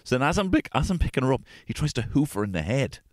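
A man hosting a podcast, telling casual stories about his family, swearing freely and jumping into high-pitched voices when quoting people. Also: fast talker, no echo, clean studio sound. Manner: swears freely, animated, acts out quotes in a high voice. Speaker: podcast host. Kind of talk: casual storytelling chat.

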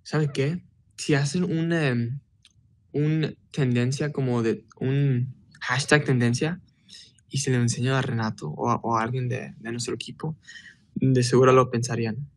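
A young man hosting a casual livestream from his phone, answering fan comments in a relaxed, chatty way with lots of fillers. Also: medium pitch, normal speed. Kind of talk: casual livestream chat, switching between Spanish and English.

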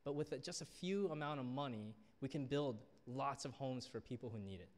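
A man's voice: mid-range voice, brisk. A young man preaching a sermon as a youth pastor, telling stories and acting out the people in them. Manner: storytelling, acts out quoted people. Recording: long reverb of a church hall.

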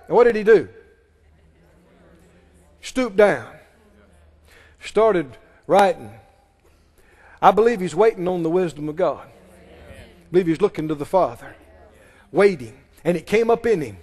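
A man's voice: high voice, expressive, measured pace, pauses often, darkish tone. A man preaching a sermon emphatically and leading his congregation in call-and-response. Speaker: pastor. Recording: long reverb of a large hall.

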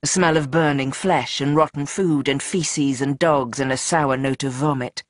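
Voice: mid-range voice, fairly even intonation, moderate pace, no echo, clean studio sound. Tense, dramatic audiobook narrator. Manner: tense, dramatic, shifting pace. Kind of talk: scripted narration.

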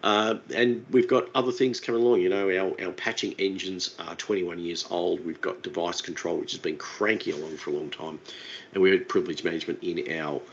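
A man presenting a webinar in a relaxed, chatty, informal way. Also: deep voice, brisk, dull audio, slight background noise.

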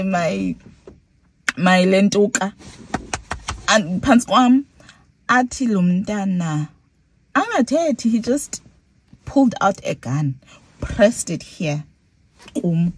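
A woman's voice: medium pitch, expressive, measured pace, long pauses, darkish tone, slight background noise. A young South African woman with a Xhosa accent tells a story to her vlog, mixing English and Xhosa and acting out her own reactions. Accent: South African, Xhosa-speaking. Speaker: vlogger. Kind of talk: casual storytelling.

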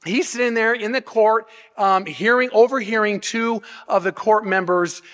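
A man's voice: sits high, moderate pace, a bit bright. A man pastor preaching an expository sermon, explaining step by step with rhetorical questions and frequent restarts. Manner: frequent restarts and repeated words. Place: church sanctuary. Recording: long hall reverb.

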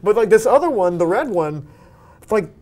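Young male co-host, high voice, rambling casual chat full of "uh" and "like". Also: sing-song, normal speed, a little mellow. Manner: rambling, filler-heavy. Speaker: podcast co-host.

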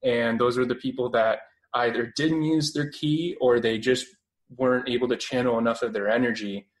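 A man in his twenties with a Canadian accent, speaking as a guest in a relaxed interview. He talks at an ordinary mid pitch and wanders through his points with plenty of ums, likes and restarted phrases. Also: normal speed, low-quality recording. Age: 20s. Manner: rambling, many fillers and restarts. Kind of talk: casual radio interview.

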